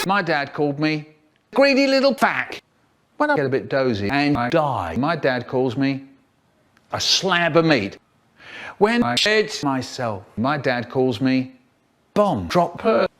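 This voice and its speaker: A man reciting a comic poem in a measured, deliberate way. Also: medium pitch, big pitch swings, fairly bright tone.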